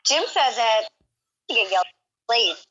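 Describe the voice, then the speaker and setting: A woman's voice: fairly high pitch, lively intonation, a little slow, bright, forceful tone, highs cut off. A woman calling into a stream, chatting casually and giggling while she teases. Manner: giggly, teasing. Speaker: friend calling in. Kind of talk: casual chat over voice call.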